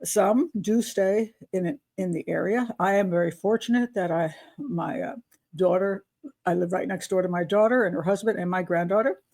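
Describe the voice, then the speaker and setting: This older woman from the US speaks at a moderate pace, her voice on the low side with a darkish tone. Hosting an advice show, she delivers a casual monologue that's chatty, unscripted and full of asides.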